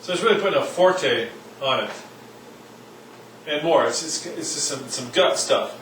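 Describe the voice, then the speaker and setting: A man's voice: fairly high pitch, expressive, moderate pace, fairly bright tone. Joking man teaching music in an echoey room. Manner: loose and joking, sings demonstration syllables. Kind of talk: informal classroom lesson. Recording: echoey room, mic at a distance, faint noise.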